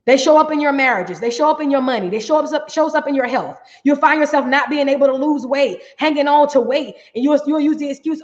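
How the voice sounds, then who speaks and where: Middle-aged woman, workshop coach, emphatic and conversational, slightly high voice; dull, roomy recording. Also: a little fast, hardly any pauses. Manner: emphatic, repeats "right?". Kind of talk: healing workshop talk. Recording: echoey, dull room sound.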